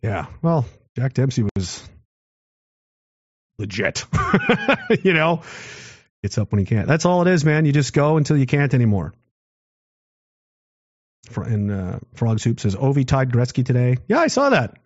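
A man's voice: mid-range voice, huge pitch swings, a little slow, pauses often, husky, no room sound. Profane rambling man, dry lo-fi mic. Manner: profane, rambling, self-mocking. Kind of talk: casual storytelling while reading chat. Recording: dull lo-fi dry sound.

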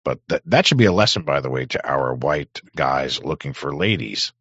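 A man hosting a talk show, rambling in crude, sarcastic casual commentary with a hoarse voice. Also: rumbling low, expressive, normal speed, a bit bright, no room sound, lo-fi sound. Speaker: podcast host.

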